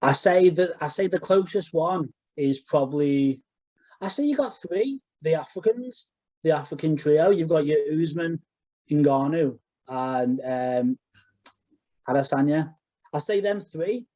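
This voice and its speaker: A man's voice: on the high side, animated, measured pace, warm tone, dry recording, dull audio. A young man co-hosting a podcast, chatting casually and rambling with restarts. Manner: rambling, full of fillers and restarts. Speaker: podcast co-host. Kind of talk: casual chat.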